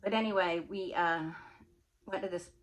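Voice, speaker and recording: A woman vlogger telling a personal story in a chatty, animated way, often laughing. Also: lowish voice, normal speed. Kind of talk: casual storytelling.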